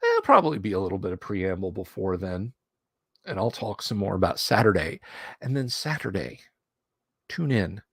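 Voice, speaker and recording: A man's voice: on the low side, wildly swooping pitch, vocal fry, a bit bright, slightly rough, dry recording, clean studio sound. Man rambling on a casual stream. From Alabama, US South. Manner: rambling and conversational, with frequent pauses and restarts. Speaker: streamer host. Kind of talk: casual livestream chat. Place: home studio room.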